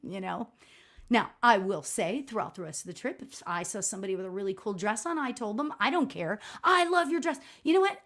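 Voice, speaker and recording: A middle-aged woman hosting a live stream as a spiritual medium, telling a personal story in a chatty, expressive way with a loud voice. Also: medium pitch, fairly quick. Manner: chatty and expressive, frequent "right?" and laughs; self-described loud voice. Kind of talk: casual livestream storytelling.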